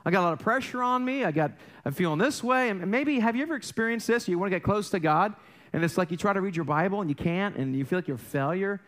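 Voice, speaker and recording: Man preaching, middle-aged pastor, higher-pitched voice, conversational, self-deprecating jokes, rhetorical questions. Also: expressive, fast, fairly bright tone. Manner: frequent restarts and rhetorical questions to the congregation. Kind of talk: sermon. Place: church sanctuary.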